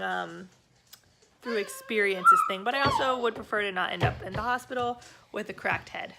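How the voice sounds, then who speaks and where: A woman's voice: mid-range voice, wildly swooping pitch, normal speed, gravelly, over music. A young woman chatting casually at home in her family vlog, rambling with fillers and little laughs. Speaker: vlogger mom.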